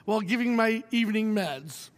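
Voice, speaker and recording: A middle-aged male pastor preaching a sermon, telling a personal story with wry humor and moving between hushed and emphatic delivery. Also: sits high, expressive, normal speed, in a large hall.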